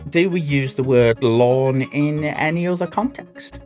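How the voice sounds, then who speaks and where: A man's voice: a little high, measured pace, a little mellow, faint music behind. A middle-aged man co-hosting a podcast in casual banter, joking and playing with words. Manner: playful, jokey, wordplay-loving. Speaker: podcast co-host.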